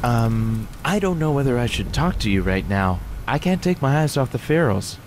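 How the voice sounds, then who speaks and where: A man's voice: mid-range voice, expressive, moderate pace, a little hiss or hum, lightly acted. Man voicing a nervous young lab assistant. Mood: anxious. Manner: anxious, defensive.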